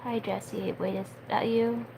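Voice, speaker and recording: A woman's voice: mid-range voice, fairly even intonation, measured pace, gravelly, noisy background. A twenty-year-old woman chatting casually on a live stream and reading a book aloud, full of fillers and stumbling over unfamiliar words.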